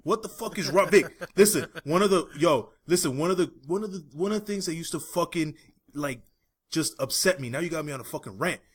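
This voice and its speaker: A man co-hosting a podcast, ranting loudly with lots of swearing and laughter in casual chat. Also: on the high side, expressive, brisk, husky. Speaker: podcast co-host. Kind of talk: profane comedic ranting chat.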